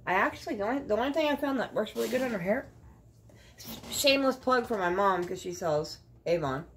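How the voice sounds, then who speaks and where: A middle-aged woman chatting casually through a beauty unboxing, blunt and quick to cuss. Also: mid-range voice, lively intonation, slight background noise. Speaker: beauty vlogger.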